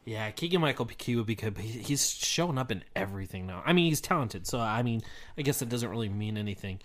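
A man's voice: lowish voice, expressive, quick pace, a bit bright. A young man co-hosting a podcast, chatting casually, rambling with frequent restarts and easy laughter. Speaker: podcast co-host. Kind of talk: casual chat.

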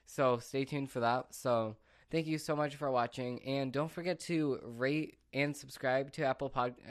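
A male podcast host tells stories in a loose, rambling way, full of filler words. His voice sits at an ordinary pitch and sounds dry and close, with no room echo. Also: steady tone, measured pace, smooth. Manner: rambling, loose and chatty, lots of "like" and "literally". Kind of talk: casual solo storytelling.

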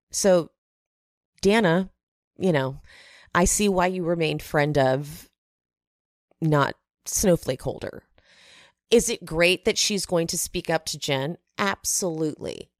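Woman, casual recap host, chatty, animated asides, unhurried, lowish voice, dry close sound. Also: dry recording.

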